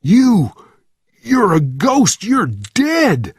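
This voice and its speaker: A man voicing a huge, frantic male sergeant who shouts in panic. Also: high voice, huge pitch swings, extremely slow, slightly rough, dry recording, clean studio sound, pitched above the performer's own voice, heavily acted. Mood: panicked shouting.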